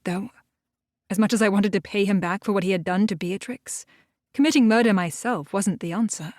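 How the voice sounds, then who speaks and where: Woman, audiobook narrator, first-person storytelling, mid pitch, dry close sound. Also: a little mellow, no room sound.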